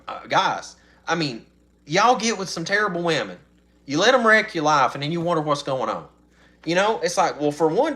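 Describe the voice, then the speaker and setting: A middle-aged man hosts a casual live stream on his channel, his mid-range voice carrying a sharp tone. He rambles in a folksy way and laughs frequently.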